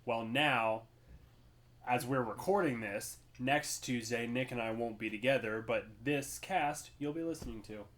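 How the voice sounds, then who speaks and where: A young man co-hosting a casual podcast. He talks chattily and rambles, restarting his sentences, and his voice sits at an ordinary middle pitch for a man. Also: a little slow, a bit bright. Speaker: podcast co-host. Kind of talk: casual chat.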